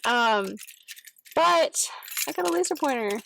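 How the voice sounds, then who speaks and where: High-voiced young woman vlogging. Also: expressive, unhurried, vocal fry, pushed and bright, slight background noise, rough recording. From Texas. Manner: rambling, lots of "like" fillers, swears freely when annoyed. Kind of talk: casual vlog chat. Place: in and around her car, partly outdoors. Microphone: phone camera set down nearby.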